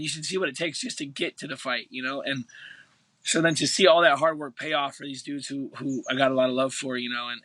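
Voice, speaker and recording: A hoarse man talking in an interview, his voice bright and tense. The sound is dry and close, with no room around it. He rambles in a heartfelt way, repeating himself as he goes. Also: mid-range voice, no room sound, rough recording. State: hoarse from yelling. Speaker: guest fighter. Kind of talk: casual interview talk.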